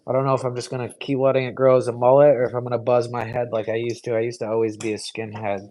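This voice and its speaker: A man's voice: mid-range voice, level tone, rapid-fire, darkish tone, low-quality recording. A young man hosting a live stream, answering viewer questions in an easygoing, rambling way full of fillers. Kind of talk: casual live Q&A chat.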